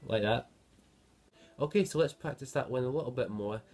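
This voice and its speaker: Loud guitar playing runs over this man's voice as he teaches a lesson, counting beats out loud and explaining with patience. He's a fast talker with a mid-range voice.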